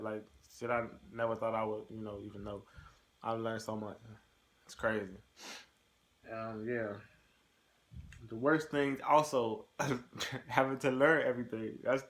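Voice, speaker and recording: Young male recruit vlogging into a camera mic, rambling and profane, mid-pitched. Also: a bit bright. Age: young adult. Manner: loose and profane, rambling with many fillers. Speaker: recruit in the delayed entry program. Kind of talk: casual video diary answering a question tag.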